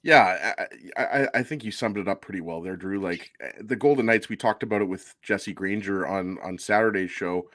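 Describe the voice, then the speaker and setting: A man's voice: low voice, fairly quick, few pauses, fairly bright tone, no room sound, studio quality. A man co-hosting a hockey post-game show, talking casually with many ums and likes.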